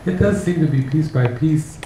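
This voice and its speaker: A man giving a relaxed, reflective spiritual talk to an audience, working through everyday examples. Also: on the high side, moderate pace, heavy reverb, far from the mic, noisy background. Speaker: spiritual teacher.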